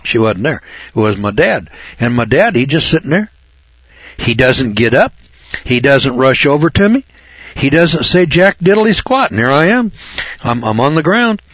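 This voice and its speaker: A man's voice: medium pitch, big pitch swings, moderate pace, fairly bright tone, breathy edge, no echo. An older man from Northern California, a reporter, telling a folksy personal story and repeating words for emphasis. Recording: dull lo-fi recording.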